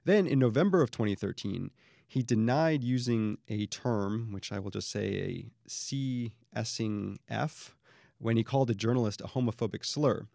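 Podcast host, male, low gravelly voice, quick chatty delivery, dry close mic. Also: mellow, no echo. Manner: quick, chatty, restarts a lot. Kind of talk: casual interview chat.

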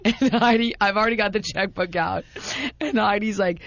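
A woman's voice: mid-range voice, measured pace, dry recording. A woman telling a casual story with dramatic, self-mocking exaggeration, rambling through restarts. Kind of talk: casual anecdote. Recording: dry, dull lo-fi sound.

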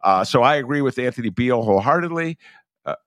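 A man hosting a political talk show, emphatic and halting, with many fillers. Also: medium pitch, lively intonation, fairly bright tone, no echo, studio quality. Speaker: radio host.

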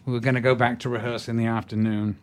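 A man's voice: medium pitch, level tone, fast talker. Older Englishman telling theatrical stories. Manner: theatrical storytelling, hesitant restarts. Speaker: guest actor. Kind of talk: anecdotal interview talk.

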